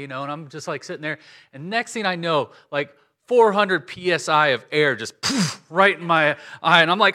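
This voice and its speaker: Bright-voiced man preaching, animated storyteller. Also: a little fast. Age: 40s. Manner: animated storytelling, acts out quotes with big swings in pitch and volume. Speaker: pastor. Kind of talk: sermon with a personal story.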